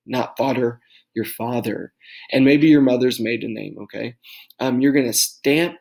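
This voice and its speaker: A man's voice: medium pitch, vocal fry, a little mellow, poor audio. A young man from Texas, a teacher giving recorded class instructions from his home office, talking casually with lots of ums and okays.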